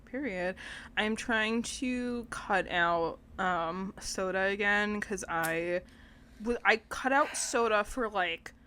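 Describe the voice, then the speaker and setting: A woman's voice: medium pitch, takes it slowly, pushed and bright, slight background noise. A young woman co-hosting a podcast, talking in an easy, rambling, giggly way. She keeps everything casual and conversational and peppers her sentences with little asides. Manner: chatty, loose storytelling with lots of "like" and giggles. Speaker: podcast co-host. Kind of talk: casual chat.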